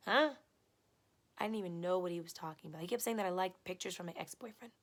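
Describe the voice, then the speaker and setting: A woman vlogging her own story, blunt and profane, her talk swinging from low mutters to loud, exasperated bursts. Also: quick pace. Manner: heated, blunt and profane, retelling an abusive relationship. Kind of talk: personal storytime vlog.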